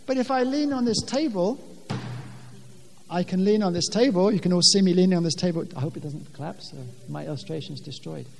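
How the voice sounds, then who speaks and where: A man preaching a sermon from a pulpit, speaking earnestly in plain words, often restarting his sentences and rising loudly when he quotes scripture. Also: high voice, fairly quick, creaky, in a large hall, soft background music. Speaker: pastor. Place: church with a pulpit, long reverb.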